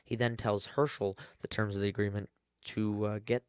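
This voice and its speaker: Flat-voiced man recapping casually. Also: fairly low pitch, normal speed, smooth, dry recording, clean studio sound. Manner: rambling, many fillers and self-corrections. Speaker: TV episode reviewer.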